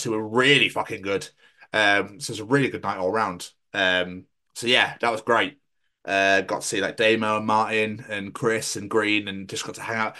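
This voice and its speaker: A man from Scotland, hosting a podcast and telling stories in casual chat, sweary and animated. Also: fairly low pitch. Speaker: podcast host.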